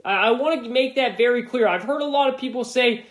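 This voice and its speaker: A man's voice: very high-pitched, fairly quick, a bit bright, roomy sound. A man hosting a sports podcast alone, giving emphatic commentary and often repeating himself for stress.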